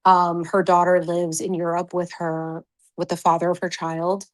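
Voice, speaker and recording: A woman's voice: on the low side, level tone, normal speed. A woman hosting a casual livestream chat, greeting viewers effusively and then talking earnestly from the heart. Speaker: livestream host.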